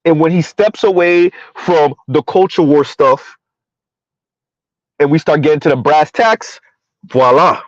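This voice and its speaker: Man with ranting at his viewers, kinda high voice, lofi dry mic. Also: measured pace, long pauses, no room sound, muffled recording. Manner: heated, repetitive, rhetorical questions to viewers. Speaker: commentary channel host. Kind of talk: ranting commentary.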